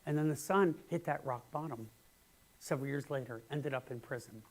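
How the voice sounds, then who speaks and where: A male minister giving a sermon in an earnest way, dropping to hushed words and then rising to emphatic ones. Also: medium pitch, moderate pace. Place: church sanctuary.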